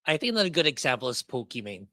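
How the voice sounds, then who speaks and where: Male podcast co-host, very bright tense voice, short hesitant replies, dry close sound. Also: medium pitch, very animated, racing, dry recording. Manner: brief reactions, hesitant and laughing. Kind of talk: casual chat.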